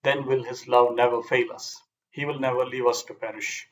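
A man reading a nineteenth-century moral story aloud in an earnest, measured storybook manner. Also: mid-range voice, little pitch movement, rough recording. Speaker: audiobook reader. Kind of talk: scripted narration.

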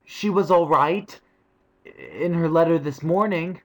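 A man's voice: fairly high pitch, slow, pitched above the performer's own voice. A man voicing a young boy who is awkward but kind to his sister, in a raised boyish tone. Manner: raised boyish tone, clumsy comforting. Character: awkward schoolboy brother Cyril, gruff but kind.

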